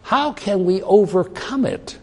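Male preacher, fairly high voice, animated storytelling sermon. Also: a little slow, husky. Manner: storytelling, acts out voices in quotes, emphatic rises.

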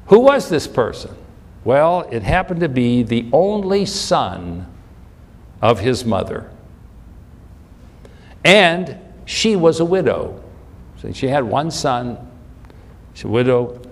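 A man preaching a Bible teaching sermon, explaining scripture with questions to the listeners and repeating and restarting phrases. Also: medium pitch. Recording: long hall reverb.

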